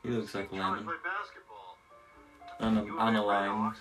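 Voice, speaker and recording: A man's voice: lowish voice, completely flat delivery, unhurried. A man co-hosting a casual watch-along podcast, giving silly, giggly commentary. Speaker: podcast co-host. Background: film music playing.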